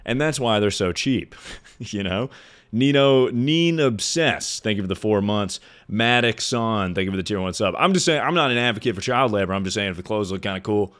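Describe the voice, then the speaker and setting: Male streamer, low announcer-ish voice, sarcastic, casual Q&A banter. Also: normal speed, fairly bright tone. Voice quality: deep voice. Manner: sounds like announcing things; sarcastic, joking asides. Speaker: livestreamer. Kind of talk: casual livestream Q&A chat.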